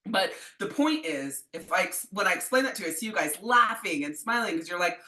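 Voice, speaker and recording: Blunt, bright-voiced middle-aged woman coach. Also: medium pitch, expressive, a little fast, reverberant. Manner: blunt, profane and emphatic. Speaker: astrology coach. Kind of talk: casual live teaching.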